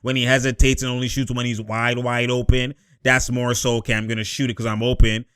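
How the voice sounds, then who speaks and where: A man giving excited, slang-heavy commentary over basketball highlights, laughing and hyping plays. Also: brisk, clear, resonant tone, dry recording, clean studio sound. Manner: hyped slangy reactions, frequent laughter. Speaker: sports commentator.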